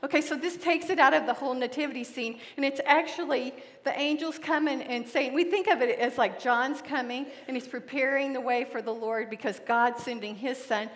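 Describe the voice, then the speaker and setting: Animated middle-aged woman teaching in a reverberant hall. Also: high-pitched, brisk, few pauses. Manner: animated, laughs often while telling stories. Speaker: Bible teacher. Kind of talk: storytelling Bible teaching.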